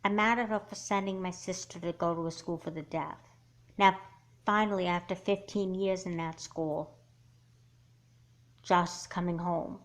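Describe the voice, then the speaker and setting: A woman voicing an angry, hurt teenage girl in a doll movie, talking in a halting, sighing way. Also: on the low side, fairly even intonation, close to an everyday voice. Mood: resentful.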